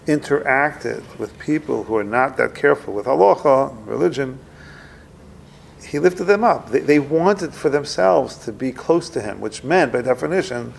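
A man's voice: vocal fry, a little hiss or hum. A man giving an informal religious talk in a conversational way, often acting out little dialogues and repeating phrases as he makes his point. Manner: conversational, plays out dialogues with rising pitch, repeats himself.

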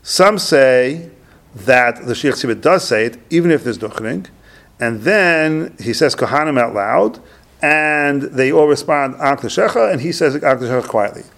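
A man's voice: mid-range voice, lively intonation, moderate pace, gravelly, a bit bright. A man teaching a religious text lesson, reading Hebrew phrases and then translating and explaining them in English, repeating points for emphasis. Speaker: Torah teacher. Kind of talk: Talmudic-style text study lesson.

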